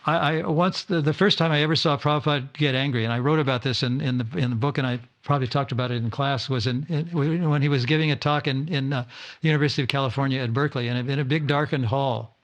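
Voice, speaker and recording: A man's voice: medium pitch, fairly even intonation, fast, dull audio. An older man giving an informal talk to his disciples at a home gathering, often stumbling, repeating words and restarting sentences. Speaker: spiritual teacher.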